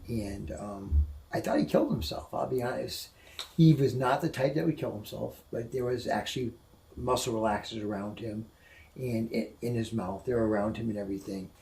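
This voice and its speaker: A man, a guest on the show, telling an emotional personal story indoors, halting and repeating himself when upset. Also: lowish voice, gravelly, dark tone, low-quality recording. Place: indoors at a house museum.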